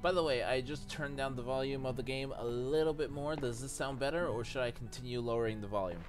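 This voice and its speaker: A man's voice: mid-range voice, fast talker. A man commentating casually over his let's play, chatty and joking in asides. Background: game music.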